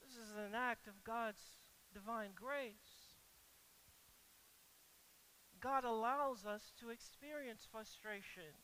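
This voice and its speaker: A preacher in full sermon, voice bright and edged. They drop soft and low for reflection, then climb to loud, insistent questions, repeating words as they press each point. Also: slow pace, long pauses, slight background noise, poor audio. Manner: rises to loud, emphatic rhetorical questions, then drops quiet; stammers and repeats words when stressing a point.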